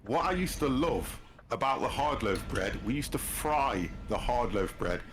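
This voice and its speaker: A British man in his fifties hosts a gaming stream, chatting casually, teasing, and laughing often. His mid-range voice has lively intonation and a slightly slow pace, and the game-stream audio is noisy.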